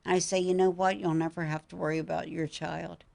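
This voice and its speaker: An older woman, a psychic guest on a talk show, speaking calmly and reassuringly about visions. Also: on the low side, a little fast, vocal fry. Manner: calm, reassuring, tells emotional personal stories.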